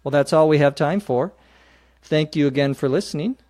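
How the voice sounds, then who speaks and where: A man's voice: on the high side, moderate pace, darkish tone, no echo, clean studio sound. A man hosting an English-learning podcast, explaining phrases patiently and spelling words out letter by letter. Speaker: podcast host teaching English. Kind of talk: slow explanatory teaching.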